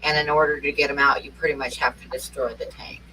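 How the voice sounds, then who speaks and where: Woman guest, bright sharp voice, calm matter-of-fact tone, faint noise behind. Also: very deep voice, quick pace, distant mic, low-quality recording. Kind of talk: casual chat.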